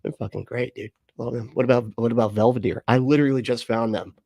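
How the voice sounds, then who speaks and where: A man's voice: mid-range voice, fairly even intonation, fast, creaky, darkish tone, no echo. Rambling, foul-mouthed livestream host man. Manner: rambling, profane, laughs often. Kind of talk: casual livestream chat with viewers.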